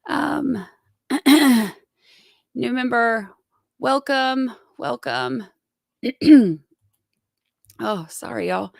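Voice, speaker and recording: A woman hosting a casual livestream, sick with a scratchy throat, talking softly and clearing her throat often. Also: a little high, animated, drawn-out words, pauses often, no echo, clean studio sound. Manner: soft-spoken, frequent throat clearing. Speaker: livestream host.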